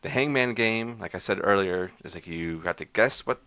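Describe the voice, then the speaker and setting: Podcast host, male, very low gravelly voice with a bright edge; laid-back, rambling recap style. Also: expressive, moderate pace, no room sound. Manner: rambling, loose, with many fillers and restarts. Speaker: podcast host reviewing horror short films. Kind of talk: casual chat, recapping a short film.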